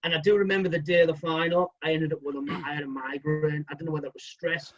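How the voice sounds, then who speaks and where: High-voiced chatty male comedian. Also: fast talker, dull audio. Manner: chatty, animated storytelling. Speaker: comedian and impressionist guest. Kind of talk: casual podcast chat.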